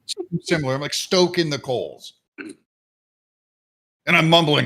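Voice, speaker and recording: A man playing a tabletop game, describing his character's actions in an animated, rambling way. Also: fairly high pitch, normal speed, gravelly. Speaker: player. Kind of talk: tabletop game role-play.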